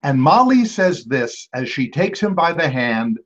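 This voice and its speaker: A man hosting a trivia game. He reads each clue twice and adds chatty asides and quick apologies to the teams. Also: medium pitch, very animated. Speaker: quiz host. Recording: dull lo-fi recording.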